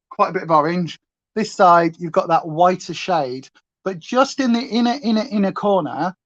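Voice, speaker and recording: Rambling woman on a livestream. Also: mid-range voice. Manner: rambling, breaks off mid-sentence, reads chat aloud. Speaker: makeup livestream host. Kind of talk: chatty livestream makeup tutorial. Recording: dull lo-fi livestream audio.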